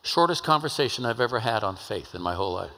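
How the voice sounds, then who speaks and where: Older guy preaching, telling a story all chatty, bright voice, big echoey church. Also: medium pitch, animated, fast talker, vocal fry. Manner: conversational anecdotal storytelling. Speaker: pastor. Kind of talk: storytelling sermon. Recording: long hall reverb.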